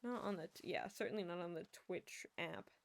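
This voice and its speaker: A woman's voice: fairly low pitch, expressive, moderate pace, gravelly. Chatty young woman streamer rambling. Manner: rambling, self-amused storytelling with frequent laughs. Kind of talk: casual stream chat.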